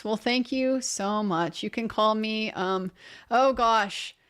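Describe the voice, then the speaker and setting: A woman's voice: mid-range voice, takes it slowly, long pauses, a bit bright, clear, resonant tone. A woman hosting a live legal commentary stream, reading viewer comments aloud and answering them in a conversational, opinionated way with frequent restarts. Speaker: legal commentary livestream host.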